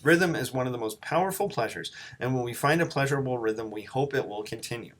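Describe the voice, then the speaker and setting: A man giving a recorded lecture on poetry at a steady middle pitch. He thinks aloud as he goes, restarting his phrases and reading passages out to make his point. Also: quick pace. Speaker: teacher.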